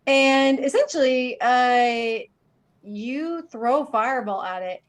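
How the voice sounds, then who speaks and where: The game master here is a woman with a high voice who takes her time narrating a tabletop session. Her speech is rambling and packed with fillers.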